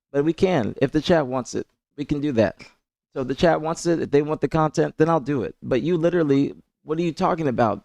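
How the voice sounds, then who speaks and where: A man's voice: a little high, gravelly, darkish tone, no room sound. A man streaming live, ranting heatedly at his chat and repeating himself, with incredulous laughs. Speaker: streamer and esports analyst. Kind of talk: livestream rant to chat.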